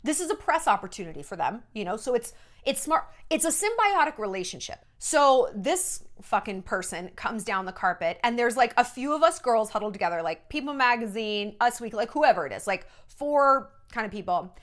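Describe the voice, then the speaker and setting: A woman's voice: fairly high pitch, sing-song, moderate pace, fairly bright tone. A woman in her thirties, a former entertainment journalist, telling stories in a casual, sarcastic and profane rant. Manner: sarcastic, profane, mimics people in exaggerated voices.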